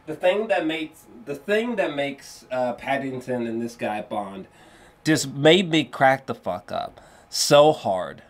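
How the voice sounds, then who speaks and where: A man giving a casual spoken film review, rambling and excitable, with lots of fillers and restarts and free swearing. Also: medium pitch, slow pace. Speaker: movie reviewer.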